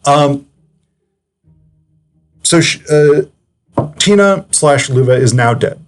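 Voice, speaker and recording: A man's voice: on the high side, animated, takes it slowly, soft background music. A man giving casual, analytical commentary as a film reviewer, chatty and digressive, with frequent hesitations.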